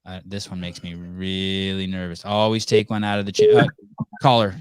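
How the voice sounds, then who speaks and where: A man's voice: low-pitched, flat delivery, fairly quick, clean tone, no echo, clean studio sound, faint music behind. Teasing man hosting a call-in show. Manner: joking, teasing, rambling with restarts. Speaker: podcast host. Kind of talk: casual call-in show banter.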